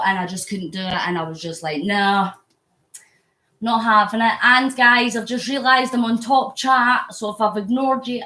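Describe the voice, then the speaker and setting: A Scottish woman pedals an exercise bike indoors at home while live-streaming a charity ride on her phone. Her fairly bright, high-ish voice echoes in the reverberant room as she chats with viewers, reads comments aloud and works up a sweat.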